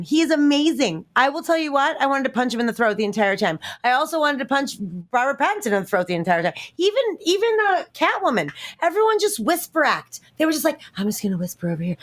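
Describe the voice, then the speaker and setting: Woman, fairly high voice, podcast guest, profane, ranting, filler-heavy. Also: a bit bright. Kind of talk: casual panel chat.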